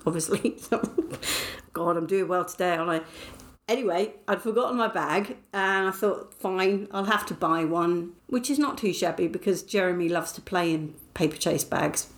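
A middle-aged woman from England hosting her podcast, chatting in a casual diary style, self-mocking and laughing often. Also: on the low side. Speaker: podcast host.

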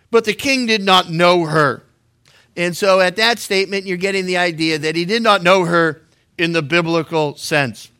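A middle-aged pastor teaching scripture, his voice pitched high for a man and bright, almost sharp. He talks casually and cracks jokes, often tripping over his words and restarting as he goes. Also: moderate pace, clean tone. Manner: conversational and joking, with frequent stammered restarts. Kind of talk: verse-by-verse Bible teaching.

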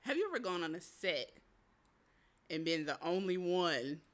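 A woman's voice: on the low side, big pitch swings, normal speed. A woman hosting a podcast interview, chatting casually and expressively, laughing often and agreeing emphatically. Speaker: podcast host.

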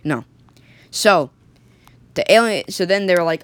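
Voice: medium pitch, lively intonation, measured pace, a bit bright, no echo. Rambling casual storyteller. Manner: rambling, many fillers and restarts.

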